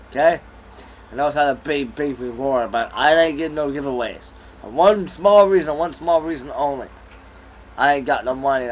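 A young man, medium-pitched, chats easily while chewing gum in a casual vlog shot in his bedroom. The audio is poor, picked up by a camera mic with slight background noise.

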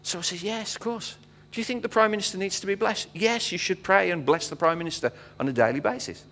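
A man's voice: high voice, quick pace. British man preaching in a reverberant church. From Britain. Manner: animated storyteller acting out dialogue, frequent fillers. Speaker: guest missionary speaker. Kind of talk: storytelling sermon. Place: church sanctuary. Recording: long hall reverb.

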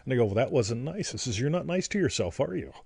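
Playful man with a lively voice. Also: mid-range voice, fast talker, creaky, slightly rough, no room sound. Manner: playful, joking and crude, keeps asking "right?". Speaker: co-host and teacher. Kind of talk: casual teaching chat on a livestream.

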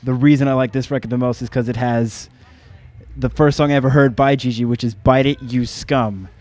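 A man's voice: mid-range voice, steady tone, fairly quick, a little mellow, no room sound. A young man talking bluntly and cheekily about records, swearing freely. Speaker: shop visitor sharing records. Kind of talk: casual chat. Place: record shop in a venue.

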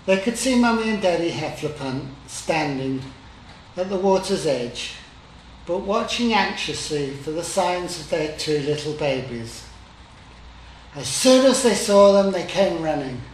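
Man, storyteller, children's story, very slow, fairly high voice, echoey room. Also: expressive, a little hiss or hum. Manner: gentle and unhurried.

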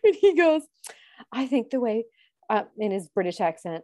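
A woman's voice: on the high side, moderate pace. A woman co-hosting a casual chat, retelling scenes with lots of laughter. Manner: giggly, animated storyteller. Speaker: podcast co-host.

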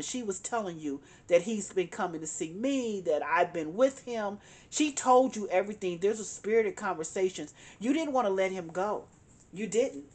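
With slight background noise, a mid-range-voiced woman reads tarot cards in a monologue aimed straight at the listener. She's emphatic and keeps repeating phrases to drive her points home.

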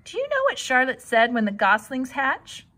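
A woman's voice: sits high, huge pitch swings, moderate pace, sharp tone, voice pushed up, heavily acted. A woman voicing an eager, chatty young farm girl.

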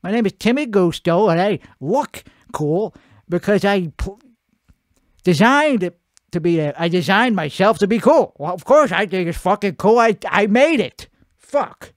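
A man with a put-on Italian-American accent rambles through a profane, self-mocking comedy monologue. His pitch swings up and down a lot. The sound is close and dry. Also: animated, measured pace, no echo. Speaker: comedy show host. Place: home at night.

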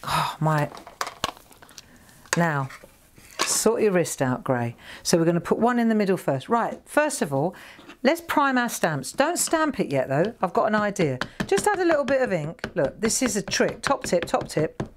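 A woman's voice: mid-range voice, very animated, normal speed. A woman hosting a live craft demonstration, chatty and jokey, talking straight to viewers as she works. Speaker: craft shop host demonstrating stamping.

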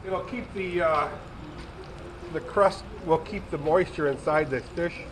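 Man, 60s, retired, chatty, rambling, slightly high voice, home kitchen, faint background noise. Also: measured pace. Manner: rambling, chatty, talks straight to viewers. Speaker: vlogger. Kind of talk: casual home cooking vlog.

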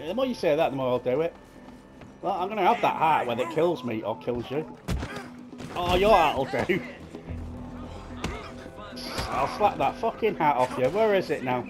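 A man with a slightly higher voice rattles off crude, profane gameplay commentary. His pitch swings widely as he mocks and jeers, with game music playing underneath. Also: animated, moderate pace, long pauses. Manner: crude, swearing, mocking banter. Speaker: gaming streamer.

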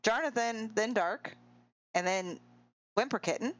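A woman streamer giving excitable, giggly live commentary on a game race and cheering the players on. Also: fairly high pitch, measured pace, dull audio.

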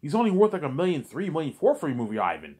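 Man putting on a pushy film director, nagging, higher-pitched, husky, fast-talking. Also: big pitch swings, full character voice. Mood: exasperated. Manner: nagging, keeps repeating the listener's name.

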